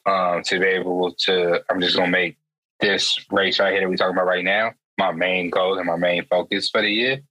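Bright, husky-voiced man in slangy banter. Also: deep voice, little pitch movement, brisk, no echo, low-quality recording. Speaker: podcast guest. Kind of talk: casual podcast chat.

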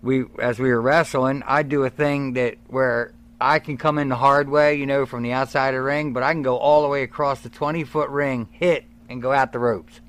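A former wrestler, appearing as a guest in a casual interview, tells animated stories about his early days in wrestling and acts out what others said. His voice is mid-range, at normal speed with few pauses.

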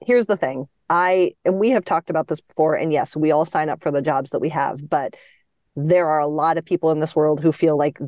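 Lower-voiced woman hosting a hockey podcast, dry close sound, thoughtful. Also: a little mellow, no room sound. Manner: thoughtful, measured opinions, steers the show. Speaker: podcast host. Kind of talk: casual hockey chat.

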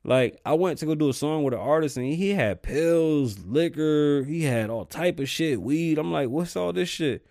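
A young man hosting his own podcast, ranting casually and cursing a lot, flaring up in heated bursts and then sinking back to a low mutter. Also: expressive, normal speed, few pauses, darkish tone, dry recording, studio quality. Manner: profane, heated rants that drop to low muttering. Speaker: podcast host.

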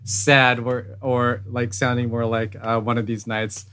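A man co-hosting a music podcast, chatting in a relaxed, agreeable way. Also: mid-range voice, a little slow, clean tone. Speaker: podcast co-host. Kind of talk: casual chat about music.

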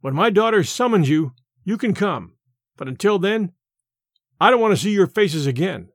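Storybook old farmer, loud, bright and high, put on by a man. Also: expressive, moderate pace, no echo, clean studio sound. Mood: stern. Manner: loud, forceful outbursts. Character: angry old male farmer defending his daughter.

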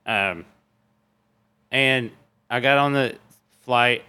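A man from Tennessee chats on a podcast as a comedian guest, spinning animated, profane stories. His voice sits at an ordinary pitch for a man. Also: very slow, clear, resonant tone. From Tennessee, USA. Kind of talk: casual podcast chat.

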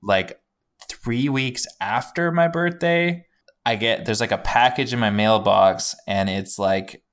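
A man's voice: mid-range voice, takes it slowly, a bit bright. A man co-hosting a podcast, telling a rambling story in casual chat and swearing freely. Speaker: podcast co-host.

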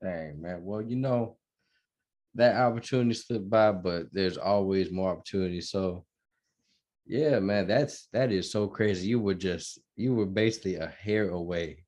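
A man hosting a podcast interview, relaxed and friendly, prompting his guest. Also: low-pitched, normal speed. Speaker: podcast host. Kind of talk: casual interview.

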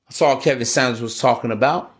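A man's voice: mid-range voice, fast. A man hosting a podcast monologue, preachy and casual, with slang and constant "man" and "bro.". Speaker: podcast host.

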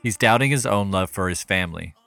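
Deep-voiced man narrating a scripted analysis. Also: creaky, pushed and bright, no room sound, soft background music. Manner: measured, reads from a script. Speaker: podcast host.

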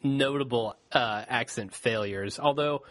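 A man co-hosting a casual chat podcast, animated and joking as he riffs on movies. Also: medium pitch, a little slow, dry recording, studio quality. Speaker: podcast co-host.

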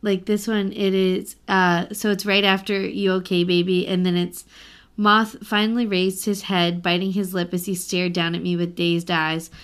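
A woman's voice: fairly low pitch, flat delivery, moderate pace, a bit bright, clear, resonant tone. A young woman co-hosting a book podcast, gushing over the story and reading passages aloud with feeling. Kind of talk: casual chat.

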